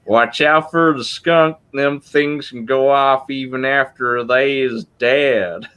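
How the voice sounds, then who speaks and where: A man's voice: medium pitch, steady tone, a bit bright, slight background noise. A man putting on a Southern American accent to voice a drawling rural hillbilly. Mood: folksy. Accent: Southern American, put on. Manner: slow drawl.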